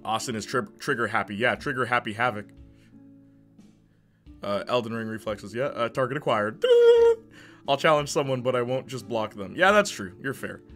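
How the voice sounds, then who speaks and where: A male streamer chats with his viewers in a loose, joking way and laughs often. His voice is bright and forceful. Faint music plays behind him. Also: medium pitch, moderate pace. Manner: jokey, laughs often, talks to chat. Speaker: live streamer. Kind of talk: casual live-stream chat.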